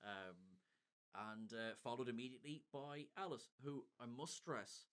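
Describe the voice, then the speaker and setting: A man's voice: medium pitch, unhurried, a bit bright, clean tone. A man co-hosting a podcast, recapping an episode in casual chat with wry, sardonic asides. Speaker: podcast co-host.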